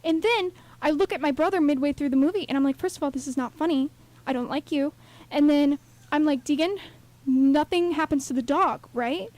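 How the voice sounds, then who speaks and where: A young woman co-hosting a radio show, talking in an animated, rambling way full of fillers. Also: sits high, brisk. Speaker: radio co-host. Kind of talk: casual radio chat.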